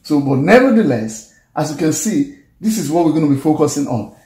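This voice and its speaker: A man's voice: on the high side, lively intonation, brisk, mellow, roomy sound. A man teaching letter sounds in a casual video lesson, patient and repetitive, coaxing the viewer along with frequent chuckles. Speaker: language teacher.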